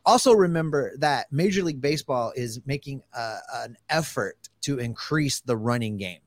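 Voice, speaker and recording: A man co-hosting a sports podcast, talking casually in an animated, joking way. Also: mid-range voice, moderate pace, no room sound. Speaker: podcast co-host.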